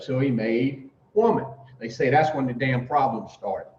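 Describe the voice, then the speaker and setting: An addiction recovery speaker tells a group a folksy, profane story of his recovery, acting out the voices of the people in it. His medium-pitched voice is animated and measured, captured from far off in a roomy, dull recording with slight background noise.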